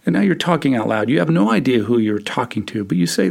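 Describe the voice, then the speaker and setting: A man with a gravelly, slightly husky voice spins a second-person story as a podcast host. His delivery is vivid and wry, with a dry sense of humor, at a middling pitch. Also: sing-song, fast, a little mellow.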